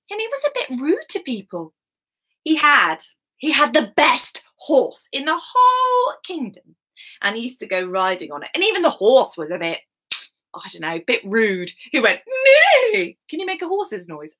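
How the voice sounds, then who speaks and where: A woman's voice: sits high, pushed and bright. A woman at home leading an interactive children's story time, coaxing and talking straight to the kids.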